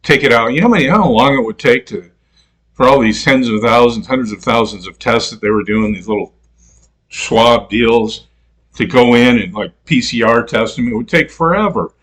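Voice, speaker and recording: Man, casual rant, rambling, profane, mid pitch, laughs at own stories. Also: normal speed, fairly bright tone. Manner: mimics other people in quoted voices.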